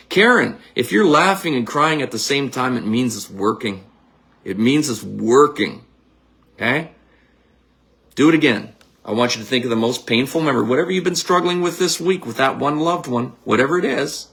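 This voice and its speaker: Gravelly man coaching a visualization. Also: medium pitch. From Canada. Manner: energetic, blunt, coaching and casual. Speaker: psychic medium. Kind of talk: guided visualization talk.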